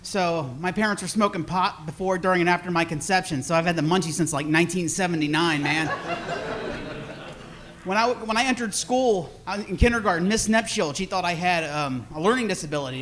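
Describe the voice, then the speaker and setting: A man's voice: sits high, a little fast, crowd noise. A man in his forties telling rambling, self-deprecating stories in a stand-up set on a comedy club stage, with audience laughter behind him.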